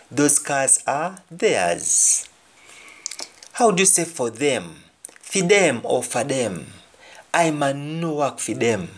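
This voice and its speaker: A man with a Jamaican accent teaching a language lesson, repeating each phrase slowly and then translating it. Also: medium pitch. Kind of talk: slow spoken language lesson.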